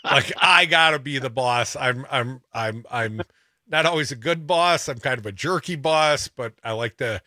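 A man's voice: medium pitch, moderate pace, sharp tone, no echo, clean studio sound. A man hosting a radio talk show, bantering and playfully ribbing a regular caller. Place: radio studio.

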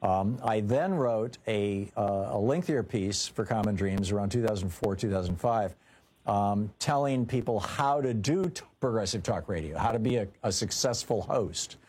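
Husky male talk radio host who reads ads and takes calls, with some halting restarts. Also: lowish voice, expressive, darkish tone. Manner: hesitant restarts when answering off the cuff.

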